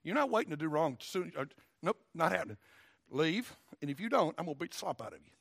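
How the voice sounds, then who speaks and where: A preacher acting a stern, gravelly Southern governor. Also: male voice, fairly high pitch, expressive, fast, dry recording, exaggerated voice. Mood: commanding. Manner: forceful, commanding. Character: stern blunt ancient male governor.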